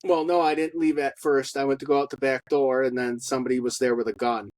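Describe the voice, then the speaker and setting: A man giving a personal testimony in a halting monologue, with many fillers and blunt profanity. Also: mid-range voice, level tone, darkish tone, dry recording, poor audio. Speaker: storyteller.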